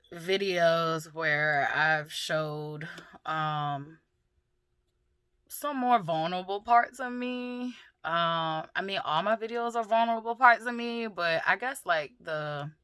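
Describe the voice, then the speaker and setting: A middle-aged woman talking candidly and emotionally in a personal vlog, swearing freely and pausing often with fillers. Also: fairly low pitch, fairly bright tone, clean tone, dry recording. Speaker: vlogger.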